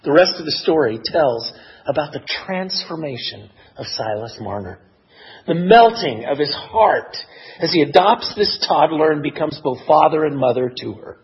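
A man preaching a sermon in an expressive, measured way that builds to emotional emphasis. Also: fairly high pitch, breathy edge, highs cut off. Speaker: pastor.

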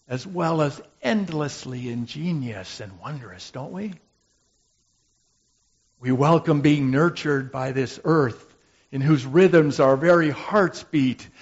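A man playing a gentle, humble brother of Moses in a slow, musing dramatic monologue. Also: fairly high pitch, slightly rough, dull audio, full character voice. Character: gentle brother of Moses, who made the golden calf, humble and reflective.

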